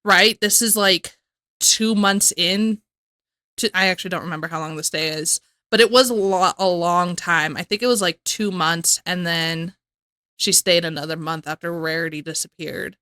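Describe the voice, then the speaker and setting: A woman's voice: on the low side, moderate pace, bright, forceful tone, no room sound. A woman hosting a reaction video, chatting in a rambling way and laughing often. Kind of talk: casual reaction commentary.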